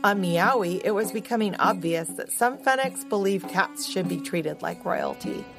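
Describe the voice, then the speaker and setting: A woman co-hosting a podcast, narrating a children's story in a slow, expressive and playful way. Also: mid-range voice. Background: music.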